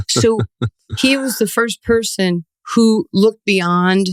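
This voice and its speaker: A woman in her sixties from New York, a guest telling lively stories in an interview and acting out the voices in them. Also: medium pitch, takes it slowly, no room sound, clean studio sound. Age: 60s. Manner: animated storyteller, acts out quoted voices, laughs often. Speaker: guest, former basketball player. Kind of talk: storytelling interview.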